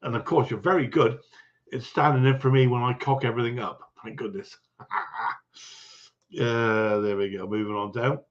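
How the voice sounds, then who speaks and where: A man hosting a relaxed livestream, working through a chat full of viewers and greeting each one in turn. His voice sits at an ordinary middle pitch, and the recording sounds a little dull and lo-fi. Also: normal speed. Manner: chatty, greets viewers one by one, chuckles often. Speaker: livestream host.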